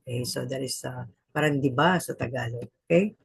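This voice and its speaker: Husky-voiced Filipino woman teaching Japanese. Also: extremely low pitch, a little fast, no echo, poor audio. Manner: code-switching, frequent fillers and "okay" checks. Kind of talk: casual language lesson.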